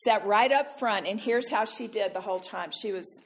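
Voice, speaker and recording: A woman Christian speaker telling a self-mocking story, animated and laughing often. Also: medium pitch, normal speed, noisy background. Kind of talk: storytelling talk.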